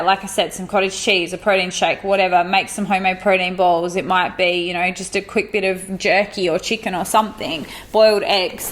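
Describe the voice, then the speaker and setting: Chatty woman coach explaining at length. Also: medium pitch. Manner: explains with long lists of examples. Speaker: podcast co-host, coach. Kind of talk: casual chat.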